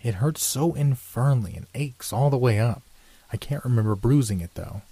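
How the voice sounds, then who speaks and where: A man's voice: mid-range voice, animated, normal speed, warm tone, husky, no room sound, voice pushed up. A man voicing an anxious, earnest young male student, urgent and pleading.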